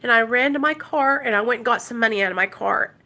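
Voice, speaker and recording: A woman's voice: a little high, quick pace, bright, forceful tone. A woman from Arkansas telling an emotional story on her recovery vlog and talking straight to her viewers. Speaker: recovery vlogger.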